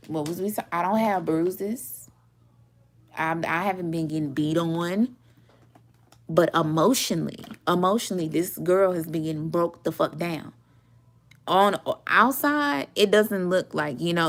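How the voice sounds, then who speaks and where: A woman in her mid twenties, a tarot reader, telling a story in casual chat, swearing freely and acting out what people said. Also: on the low side. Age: 20s. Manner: animated, swearing, laughing often, acts out quotes.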